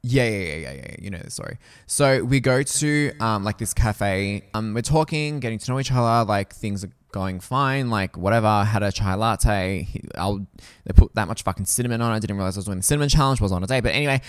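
Young male co-host, low-ish voice, relaxed storytelling chat, swears freely, mimics people in his stories. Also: a little fast, smooth, dry recording, clean studio sound. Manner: animated storyteller, swears often, acts out voices in quotes. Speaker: podcast co-host. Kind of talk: casual chat.

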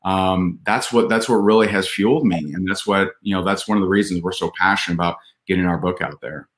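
Male guest, lower register, earnest conversational storyteller, fillers and restarts. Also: steady tone, a little fast, fairly bright tone. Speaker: podcast guest. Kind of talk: casual storytelling.

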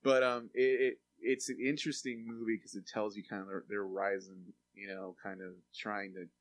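Low-voiced guy rambling about movies on a podcast, lots of likes and you knows. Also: normal speed. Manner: rambling, filler-heavy, animated when excited. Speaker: podcast co-host reviewing films. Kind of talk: casual chat.

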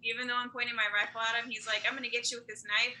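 A woman's voice: fairly high pitch, level tone, pushed and bright. A woman playing in a tabletop game, chatting casually with many fillers. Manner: quick, casual, filler-heavy. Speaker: player.

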